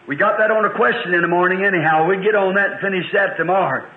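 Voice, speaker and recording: A man preaches a fervent revival sermon in a very high, strained voice. He repeats refrains and stretches key words. The old archive tape sounds thin and phone-like, with a lot of echo from the church. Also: quick pace.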